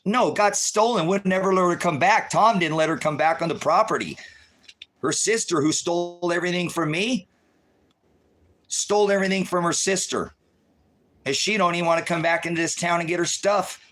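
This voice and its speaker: A man's voice: on the high side, lively intonation, normal speed. Stressed man ranting on a live stream. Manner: rambling, stressed, swings between shouting and muttering. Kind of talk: agitated live-stream rant.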